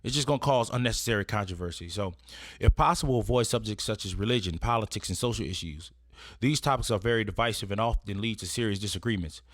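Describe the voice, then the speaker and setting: This is a studio-quality, echo-free recording of a man talking quickly in a lowish voice. He presents an etiquette lesson conversationally, partly reading it and frequently checking in with "right?".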